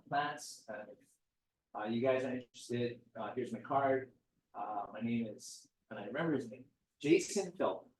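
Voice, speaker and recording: A middle-aged man from Hawaii, guest speaker telling a relaxed story with lively quoted dialogue. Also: medium pitch, far from the mic. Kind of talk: casual storytelling talk. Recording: roomy sound, speaker off-mic.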